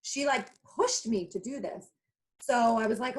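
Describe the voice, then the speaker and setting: A woman's voice: a little high, lively intonation, normal speed, poor audio. Chatty woman telling a personal story. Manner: chatty storyteller, acts out quotes. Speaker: co-host. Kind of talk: casual chat, personal story.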